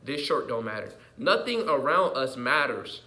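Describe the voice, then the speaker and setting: In a sing-song, mid-range voice at normal speed, a man vlogs an improvised, angry monologue laced with swearing. He keeps repeating himself, veering from mutters to shouts.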